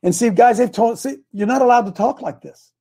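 A man's voice: very high-pitched, fairly quick, creaky, warm tone. An older man hosting a talk show, speaking in an emphatic, fired-up, preachy way.

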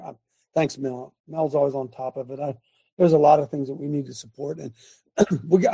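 Male host, rough husky voice, fiery and rambling. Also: a little high, dry recording. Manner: excitable, rambling, shouting asides. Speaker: host of an online talk show. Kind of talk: fiery political and religious commentary.

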